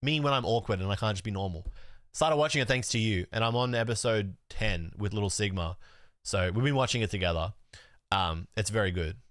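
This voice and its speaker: Low-voiced young man chatting on stream. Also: fairly quick, fairly bright tone, no room sound, studio quality. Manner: rambling, many fillers, swears casually. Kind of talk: casual live-stream chat.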